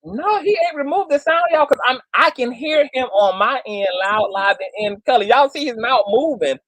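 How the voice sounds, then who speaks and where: Fields: sassy high-voiced male host. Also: animated, normal speed, a bit bright, no echo. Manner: sassy, theatrical, peppered with "girl" and "child". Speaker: commentary channel host. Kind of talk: livestream commentary.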